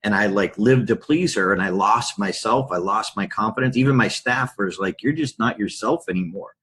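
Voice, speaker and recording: A middle-aged man, a podcast guest and public speaker, telling candid stories in a lively anecdotal way. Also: fairly low pitch, moderate pace, slightly rough. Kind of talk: storytelling in a podcast interview.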